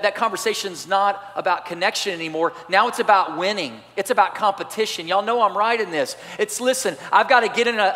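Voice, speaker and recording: A man preaching a sermon as pastor, animated and swinging between loud and soft delivery. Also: high-pitched. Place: church sanctuary. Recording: church hall reverb.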